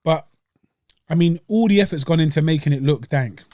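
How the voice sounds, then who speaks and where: A man's voice: a little high, moderate pace, darkish tone, no echo, clean studio sound. A young man, hosting a podcast and chatting casually about a dessert as he eats it. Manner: laid-back, slangy and chatty, eating while talking. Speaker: podcast host reviewing desserts. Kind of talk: casual chat.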